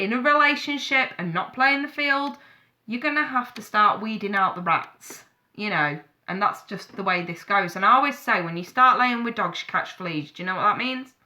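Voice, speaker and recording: A woman's voice: medium pitch, sharp tone. A woman giving a live-streamed tarot reading, chatty and frank, calling viewers darling and sweetheart. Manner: blunt, frank advice with swearing. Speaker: tarot reader.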